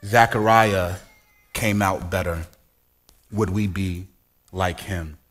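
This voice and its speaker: A man's voice: low-pitched, fairly even intonation, slow pace, fairly bright tone. A man in his forties preaching a sermon in a conversational way, full of rhetorical questions and playful asides. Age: 40s. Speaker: pastor.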